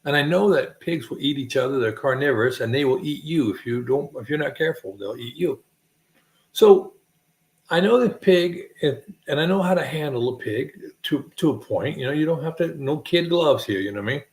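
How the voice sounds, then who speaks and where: Brief: American man, gravelly voice, animated folksy storyteller, echoey room. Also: on the high side, fairly quick. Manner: animated, folksy, laughs at his own stories. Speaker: streamer telling stories. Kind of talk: casual rambling anecdote. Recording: roomy echo.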